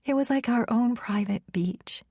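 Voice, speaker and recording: A woman voicing a distracted, nostalgic middle-aged mother with a breathy manner, in an audiobook. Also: on the high side, measured pace, mellow, dry recording, studio quality, pitched above the performer's own voice, full character voice.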